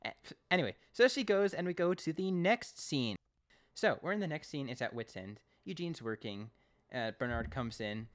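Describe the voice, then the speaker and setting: A man's voice: mid-range voice, lively intonation, moderate pace. A Canadian man co-hosting a podcast, casually recapping an episode and acting out lines in raised voices. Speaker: podcast co-host.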